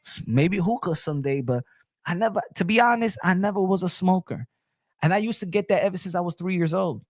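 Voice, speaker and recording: A man hosting a boxing livestream, rowdy and laughing, often shouting as he reacts to chat. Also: high voice, brisk. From Dominican Republic family roots. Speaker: boxing channel host. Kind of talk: excited live commentary.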